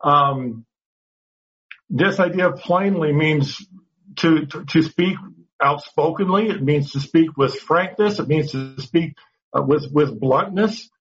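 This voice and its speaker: A man's voice: a little high, takes it slowly, a bit bright. A man teaching a Bible study class, earnest and explaining step by step, often repeating words as he goes. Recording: dull lo-fi sound.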